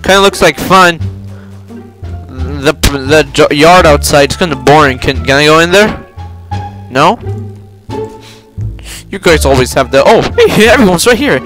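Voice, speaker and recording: A young man giving casual gameplay commentary, excitable, yelping and repeating himself. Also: fairly high pitch, a little slow, pauses often, soft background music. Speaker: gameplay video host.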